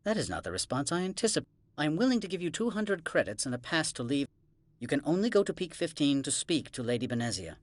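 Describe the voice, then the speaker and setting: A man's voice: fairly high pitch, very animated, quick pace, no room sound. An actor playing a formal, curt male official in a science-fiction video game.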